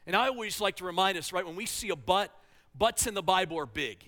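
A man preaching a sermon with passion, swinging between loud, urgent lines and quiet, hushed ones. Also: high voice, animated, fast talker. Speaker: pastor. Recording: long reverb of a church hall.

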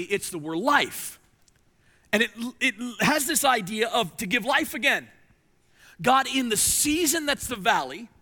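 A male pastor delivers a sermon in a high, bright voice. He preaches with emphasis, rising loud and dropping to a hush, repeating words when he presses a point.

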